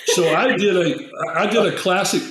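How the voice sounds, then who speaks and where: An older man spins a rambling, digressive story, and his voice sits a touch high for a man. He drifts off on side notes and slips into the voices of the people he quotes. The sound is roomy, with a noticeable echo. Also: normal speed, background noise. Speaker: guest herbalist. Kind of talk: storytelling in a casual interview.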